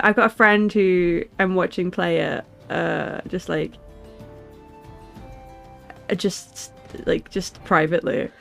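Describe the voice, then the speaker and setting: A woman streamer chatting casually with her viewers, giggling often and answering their questions. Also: medium pitch. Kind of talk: casual live-stream chat. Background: faint music.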